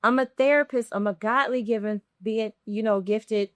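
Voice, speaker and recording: A woman guest on a casual podcast conversation, telling her story in an animated way, full of fillers and asides. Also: a little high, moderate pace, dry recording, clean studio sound.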